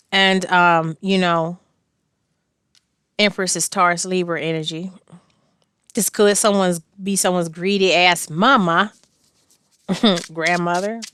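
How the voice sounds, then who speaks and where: Woman tarot reader, casual and blunt, quick laughs, smooth clear voice, dry close sound, salty slang. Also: mid-range voice, a bit bright, no echo. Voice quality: blunt and slangy, laughs often, cusses freely.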